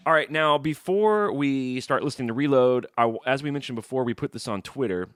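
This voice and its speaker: A man's voice: mid-range voice, lively intonation, brisk, soft background music. A man co-hosting a casual podcast, joking around and reading fan messages aloud. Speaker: podcast co-host.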